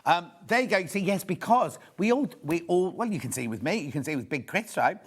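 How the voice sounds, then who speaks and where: A man's voice: high voice, animated, a little fast, slightly rough. A middle-aged man presenting a live shopping show, chatty and rambling, poking fun at himself as he reads out viewer questions. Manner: chatty, rambling, self-deprecating.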